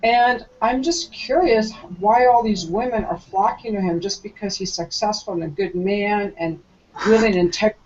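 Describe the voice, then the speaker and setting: A woman's voice: mid-range voice, moderate pace, darkish tone. A woman in a played video clip, speaking frankly and with curiosity about her own experience. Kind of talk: candid personal account. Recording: muffled clip with faint background ambience.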